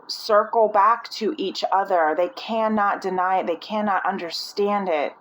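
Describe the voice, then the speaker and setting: A spiritual reader with a mid-range voice speaks on a rough recording. Giving a casual reading, she thinks out loud, rambles, uses fillers, restarts often and keeps searching for the right word.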